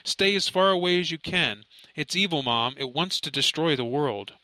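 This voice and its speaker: A man's voice: on the high side, expressive, normal speed, sharp tone, no room sound, pitched above the performer's own voice, poor audio. A man voicing a distraught, grieving young man who speaks in a shaky, pleading way, close to tears, in an audiobook. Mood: frightened. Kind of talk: audiobook character voice.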